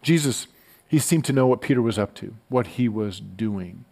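A man's voice: fairly low pitch, normal speed, gravelly, husky. Guy pastor giving a laid-back sermon, stumbles and repeats words, storytelling feel. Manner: conversational, relaxed storytelling with frequent stammered word repeats.

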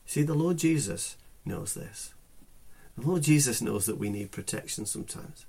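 A man giving a devotional talk on a psalm as a pastor, earnest and unhurried, sometimes repeating words for emphasis. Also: mid-range voice, creaky, a little mellow, slightly rough. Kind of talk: devotional sermon.

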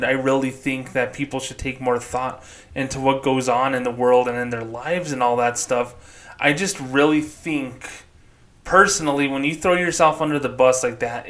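Man, podcast host, blunt, sarcastic, outspoken commentary, mid-pitched voice. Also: steady tone, moderate pace, a bit bright.

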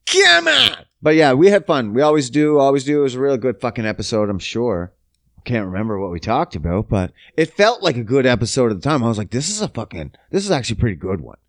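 A man's voice: mid-range voice, animated, fast, a little mellow, no room sound, clean studio sound. A man rambling through a casual comedic monologue, swearing freely and joking at his own expense. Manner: rambling, profane, self-mocking.

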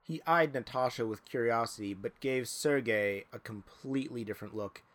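A man reading a story aloud to friends, slipping in dry, deadpan jokes. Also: medium pitch, normal speed. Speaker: story reader.

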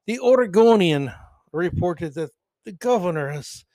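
A man putting on a formal British newsreader who reads a news item in a measured, proper cadence. The voice sits a touch high, and the sound is close and dry with no room around it. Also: darkish tone, no echo. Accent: put-on British. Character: male news reader with a put-on British accent.

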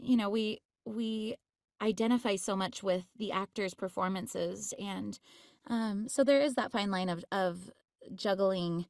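A woman's voice: medium pitch, unhurried, gravelly, darkish tone, no room sound, clean studio sound. A woman voice actress chatting in an interview, bubbly and laughing often, with many fillers. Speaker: voice actress guest. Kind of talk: casual interview chat.

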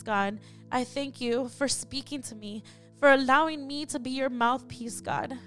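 A woman's voice: fairly high pitch, unhurried, faint music behind. Fervent woman praying aloud. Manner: fervent, repeatedly calling on God between phrases. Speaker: podcast host leading prayer. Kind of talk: spoken prayer.

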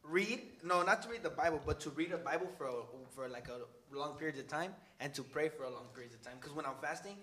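A young man sharing his faith in a casual group discussion, excitable and joking, rambling with many fillers. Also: fairly high pitch, quick pace, hardly any pauses. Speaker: youth group speaker.

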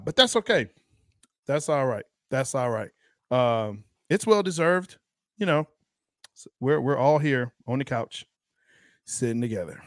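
A man co-hosting a casual sports podcast, animated and teasing, laughing often. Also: mid-range voice, measured pace, long pauses, no echo, clean studio sound. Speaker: podcast co-host.

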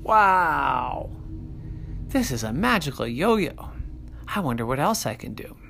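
A storyteller voicing an excited young boy in a children's story, speaking high and wide-eyed. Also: slow pace, vocal fry, a little hiss or hum, full character voice. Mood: amazed.

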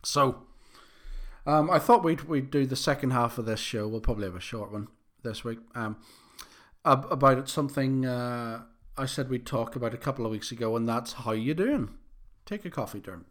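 A man's voice: medium pitch, normal speed, a bit bright. A man hosting a podcast, talking alone in a rambling, self-deprecating way with many fillers and restarts. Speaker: podcast host. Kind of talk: casual solo podcast monologue.

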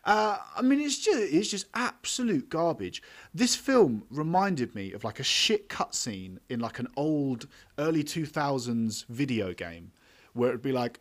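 Male podcast host, mid-pitched, tearing into a film with blunt, sweary scorn and plenty of laughs. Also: big pitch swings, measured pace. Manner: talks over co-hosts, laughing often. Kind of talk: casual film review chat.

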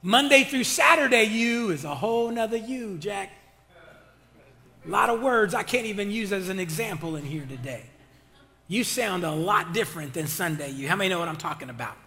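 Pastor guy preaching loud and slangy, bright edgy voice, big echoey church. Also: high voice, lively intonation, moderate pace. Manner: impassioned preaching with call-and-response; colloquial, slangy. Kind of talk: sermon. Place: church sanctuary. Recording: reverberant hall.

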